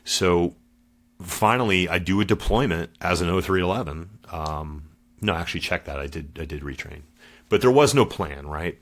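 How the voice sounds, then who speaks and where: A man's voice: deep voice, moderate pace. A middle-aged man, a former Marine guest on a podcast, telling his story in a casual, slangy way and calling the host dude and brother.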